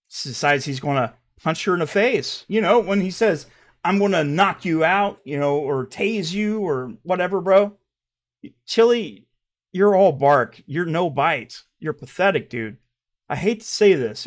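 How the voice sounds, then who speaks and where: A man hosting his own commentary channel, heated and mocking, swinging between loud outbursts and quiet asides. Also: fairly high pitch. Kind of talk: ranting commentary.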